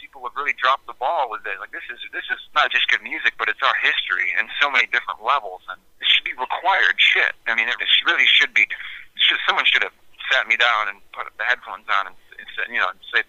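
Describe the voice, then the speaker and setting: Rambling man with a bright, sharp voice. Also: mid-range voice, animated, fast, dry recording, poor audio. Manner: rambling, many fillers and restarts, candid. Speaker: radio show host, guest. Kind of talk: casual interview talk.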